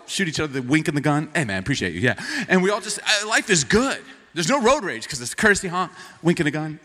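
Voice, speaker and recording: Animated male pastor, hall reverb. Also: mid-range voice. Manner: animated storytelling, swings from shouting to hushed. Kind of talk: sermon. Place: church hall.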